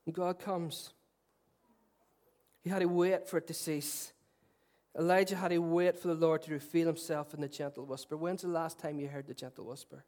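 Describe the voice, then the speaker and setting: A middle-aged man preaching a sermon, earnest and swinging between loud declarations and soft, tender passages, with self-deprecating humour. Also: fairly high pitch, level tone, brisk. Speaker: pastor.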